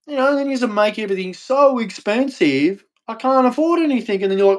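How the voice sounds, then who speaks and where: A man's voice: very high voice, animated, fairly quick, hardly any pauses. A man with an Australian accent, ranting angrily and swearing often as he repeats himself. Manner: agitated, profane, repetitive. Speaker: streamer. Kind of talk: angry rant.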